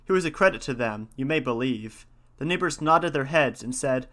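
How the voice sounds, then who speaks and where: Podcast guy reading an old folktale then chatting, bright clear tone. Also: mid-range voice, animated, normal speed. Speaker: podcast host. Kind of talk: storytelling and casual commentary.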